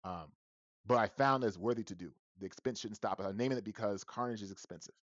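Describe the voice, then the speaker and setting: A man guest on a podcast interview, telling a personal story with lively quoted voices and frequent restarts. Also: on the low side, fast, no room sound, lo-fi sound. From Southern California.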